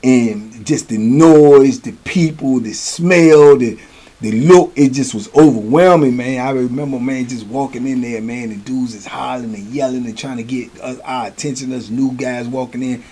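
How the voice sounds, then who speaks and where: A man's voice: medium pitch, moderate pace, mellow. A man hosting, telling a personal story in a casual, conversational way, often checking in with the listener. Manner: conversational, keeps asking "you know what I'm saying". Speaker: host.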